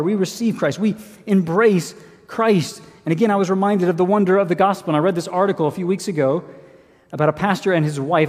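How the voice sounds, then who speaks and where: A man's voice: high voice, darkish tone. A man preaching a sermon as pastor, earnest and emphatic, asking rhetorical questions. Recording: long hall reverb.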